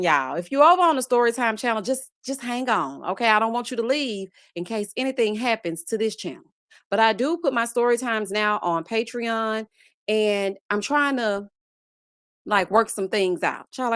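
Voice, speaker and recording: A woman's voice: medium pitch, a bit bright, no room sound, clean studio sound. A woman hosting a casual live stream, greeting viewers one by one and making sassy, playful asides. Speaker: livestream host.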